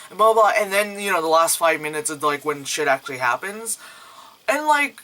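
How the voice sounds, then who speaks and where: A man's voice: high-pitched, lively intonation, quick pace, pushed and bright, poor audio. A young man giving a casual, profane movie review, rambling and acting out characters' lines.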